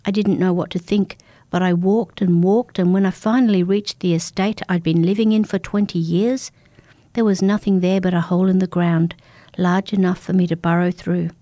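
A woman narrating a first-person folk tale in a calm, measured, intimate manner. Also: fairly low pitch, no echo. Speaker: storyteller.

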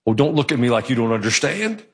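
A male pastor preaching a sermon in a church, telling the story with animated delivery. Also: mid-range voice, quick pace. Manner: animated storytelling, acting out quoted voices. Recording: long hall reverb.

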